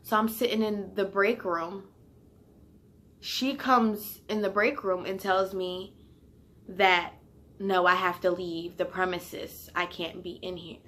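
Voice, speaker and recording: Bright-voiced young woman telling a story. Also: mid-range voice, slow pace. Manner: animated, heated retelling with slang and swearing. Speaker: vlogger. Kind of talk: casual storytime.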